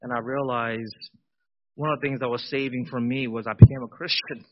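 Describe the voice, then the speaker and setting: A man in his forties giving a personal testimony in a sermon, swinging from loud emphatic bursts to quiet intimate asides. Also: medium pitch, steady tone, brisk, lo-fi sound.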